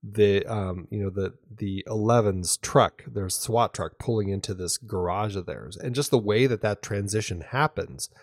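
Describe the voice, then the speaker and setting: A man's voice: lowish voice, normal speed, hardly any pauses, dry recording, studio quality. A man co-hosting a podcast, chatting casually and enthusiastically about a film and often restarting his sentences. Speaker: podcast co-host.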